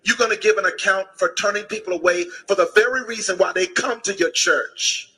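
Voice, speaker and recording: A man's voice: high-pitched, a little fast, bright, forceful tone, husky, rough recording. A man preaching in a combative, boisterous way, insulting his critics and raising his voice. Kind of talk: fiery livestream preaching.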